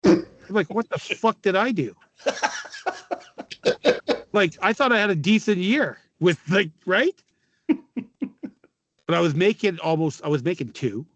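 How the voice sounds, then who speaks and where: A raspy middle-aged man from Canada spins loud, laugh-filled stories as an interview guest. His voice sits high for a man and sounds dry and close. He swears freely. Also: unhurried, long pauses, no room sound, dull audio. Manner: laughing often, swearing, animated anecdotes. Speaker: guest, former hockey player. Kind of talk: casual storytelling interview.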